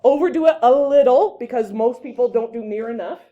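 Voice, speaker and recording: Mellow-voiced woman teaching a class. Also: a little high, brisk, muffled recording. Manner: lively, chatty, breaks off to direct students. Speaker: debate and public speaking teacher. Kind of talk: casual classroom lesson.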